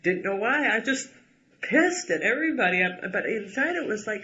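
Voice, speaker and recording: A man's voice: sits high, lively intonation, moderate pace, sharp tone, slight background noise. A man talking through a painful family history in an emotional personal conversation, blunt and agitated and swearing when angry. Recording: dull lo-fi recording.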